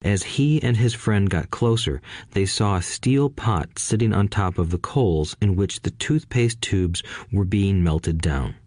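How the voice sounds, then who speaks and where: A man narrating an audiobook in a steady, scripted read-aloud manner, lifting his voice a little for quoted lines. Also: low-pitched, unhurried, few pauses, no room sound, clean studio sound.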